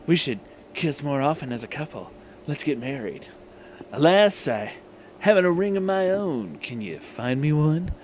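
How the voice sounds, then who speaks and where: A man's voice: fairly high pitch, sing-song, moderate pace, darkish tone, slight background noise. Bean: a man doing a smug mock-formal bird. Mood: earnest. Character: smug muscular male bird.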